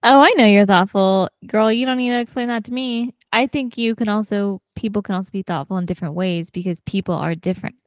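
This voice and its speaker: A woman co-hosting a podcast in casual chat, talkative and quick to laugh. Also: mid-range voice, no room sound, clean studio sound. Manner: chatty, laughs often, many fillers. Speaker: podcast co-host.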